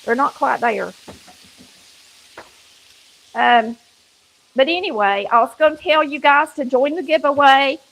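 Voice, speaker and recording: In her home kitchen, a woman with a country Southern accent hosts a cooking show, chatting folksily to viewers as she cooks. Her high, gravelly voice is unhurried and a bit bright, she pauses often, and the recording quality is low.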